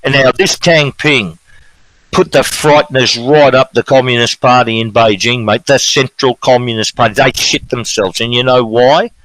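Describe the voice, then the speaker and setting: A middle-aged Australian man holds forth on a podcast, emphatic and rambling, circling back over his own phrases. His voice sits at an ordinary pitch and is recorded close and dry, with no room sound around it. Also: fairly even intonation, moderate pace, a bit bright, dry recording, poor audio. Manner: rambling, emphatic, repeats phrases, says mate often. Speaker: strike organiser on a podcast. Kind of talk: impassioned podcast talk.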